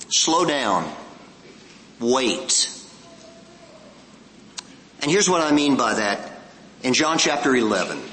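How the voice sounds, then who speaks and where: A male preacher delivers a sermon in a bright, forceful voice that rings with the long reverb of a large hall. He speaks earnestly, asks his listeners questions and repeats key lines for weight. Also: mid-range voice, a little hiss or hum.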